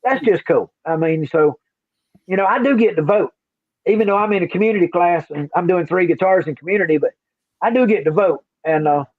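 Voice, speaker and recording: This older man's voice is high and fairly quick as he chats on his livestream, rambling folksily and saying things more than once. The recording is dry and has a tinny, phone-like quality.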